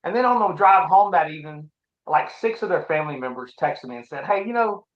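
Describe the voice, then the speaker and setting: A middle-aged man as an interview guest, telling his personal story in a halting, reflective, earnest way. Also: fairly high pitch, animated. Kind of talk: casual conversation, personal story. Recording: roomy, dull lo-fi sound.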